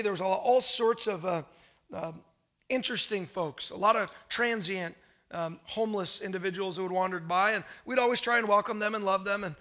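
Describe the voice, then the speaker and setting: Male pastor, high and bright, preaching with chatty stories. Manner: storytelling, conversational, asks the room. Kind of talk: sermon.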